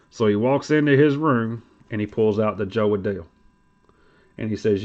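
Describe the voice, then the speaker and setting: A middle-aged man, hosting a casual livestream chat and telling stories in a blunt, profane, animated way. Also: medium pitch, fairly quick. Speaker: livestream host. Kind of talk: casual card-collecting talk. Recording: dull lo-fi stream audio.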